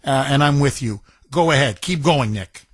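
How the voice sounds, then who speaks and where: A man's voice: medium pitch, lively intonation, normal speed, breathy edge, no room sound. A man hosting a call-in talk radio show, emphatic and combative, joking with his callers. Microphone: studio microphone.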